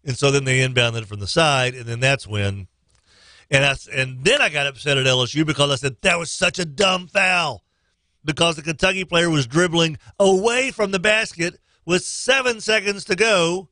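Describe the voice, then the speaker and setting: A man hosting a casual sports talk radio show, excitable, reading listener texts and jumping into high shouted impressions. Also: normal speed, no room sound.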